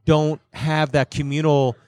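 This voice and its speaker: A man's voice: a little high, level tone, a little slow, darkish tone, no room sound. A man, a comedian guest, talking casually in a comedy club, conversational and profane, often restarting sentences. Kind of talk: casual chat.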